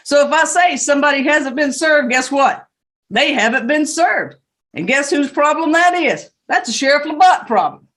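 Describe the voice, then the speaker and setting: A woman judge with a Southern US accent giving brisk, stern and joking courtroom instructions over a video call. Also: high-pitched, animated, a bit bright.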